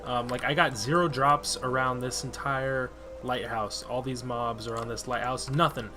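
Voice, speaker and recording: A man's voice: mid-range voice, steady tone, normal speed, over music. A man chatting casually over his gameplay as a let's-play host, easily exasperated and swearing freely. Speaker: gaming video host.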